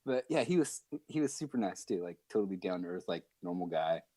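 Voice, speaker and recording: A man guesting on a podcast, telling stories in a chatty, animated way with lots of fillers. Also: low voice, fairly quick, no echo. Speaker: guest musician. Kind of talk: casual podcast storytelling.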